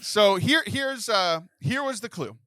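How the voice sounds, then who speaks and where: A man in his thirties hosting a comedic podcast, jokey and animated, often laughing as he talks. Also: high-pitched, unhurried, a crowd in the background. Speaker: podcast host. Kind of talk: casual comedic podcast chat.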